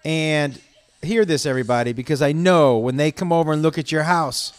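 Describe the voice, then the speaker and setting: A man's voice: fairly high pitch, fairly quick, clean tone, soft background music. A man telling a long, angry story in a casual, profane way, acting out the people he quotes.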